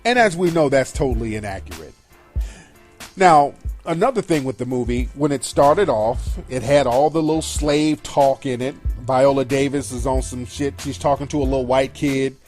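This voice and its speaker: On his radio show, a middle-aged host rants about a film, his review blunt, profane, and full of contempt. He speaks at a normal speed in a mid-range voice that's a little mellow, with faint music in the background.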